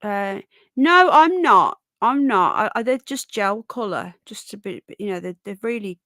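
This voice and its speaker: A woman's voice: medium pitch, animated, a little slow, dry recording. A woman hosting a live podcast from her bed, chatting casually and greeting viewers by name. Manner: chatty, rambling, warm greetings to chat. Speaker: livestream podcast host. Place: bedroom, sitting on her bed. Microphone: own microphone on camera setup.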